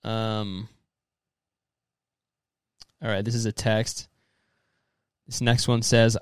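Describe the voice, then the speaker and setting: Reading messages aloud for casual comedic commentary, a young man rambles profanely, says "dude" nonstop, and drops into exaggerated mocking voices. He's animated but slow, with long pauses, and his pitch swings widely line to line. The recording is dry and close, with no echo or room.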